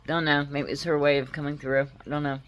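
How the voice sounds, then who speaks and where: A woman vlogger telling a personal story to camera, heartfelt and halting, with frequent pauses. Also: sits low, little pitch movement.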